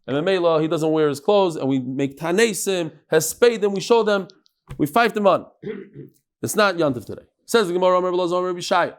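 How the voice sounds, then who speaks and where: A man teaching a daily Talmud class to a live audience in a study hall, lively and joking, with Hebrew and Aramaic terms in his English. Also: sits high.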